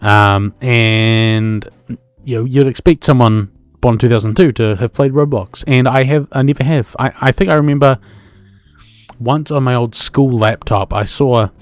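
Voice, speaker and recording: A man's voice: mid-range voice, unhurried, no room sound. A young man in his twenties speaks with a New Zealand accent in an ordinary mid-range voice, hosting a solo podcast. He rambles and corrects himself, swearing casually. The sound is dry and close, with faint music underneath. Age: 20s. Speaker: podcast host.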